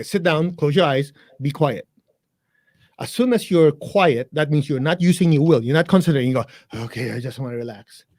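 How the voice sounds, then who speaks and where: A man's voice: on the high side, darkish tone, no echo, clean studio sound. A man teaching meditation as a guest, explaining in plain blunt words with jokes, then guiding listeners through a chant. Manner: blunt, joking, talks straight to listeners. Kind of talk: guided meditation instruction in a live interview.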